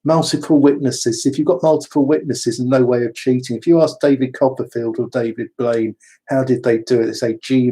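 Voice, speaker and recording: Mellow, husky man. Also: mid-range voice. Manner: rambling, conversational, with asides. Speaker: spiritual speaker. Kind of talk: casual spiritual talk.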